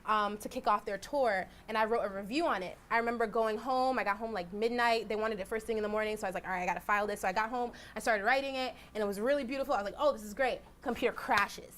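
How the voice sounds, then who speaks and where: Lively young woman telling stories. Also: a little high, quick pace, hardly any pauses. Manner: animated, acts out quotes with "I was like". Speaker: journalist guest speaker. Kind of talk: casual storytelling talk. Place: lecture hall.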